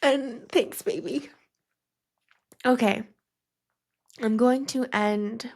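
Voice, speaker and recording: Recounting personal memories on her podcast, a young woman rambles casually with many fillers, sometimes crying and laughing through tears. Her high-leaning voice is creaky and darkish, with drawn-out words and frequent pauses.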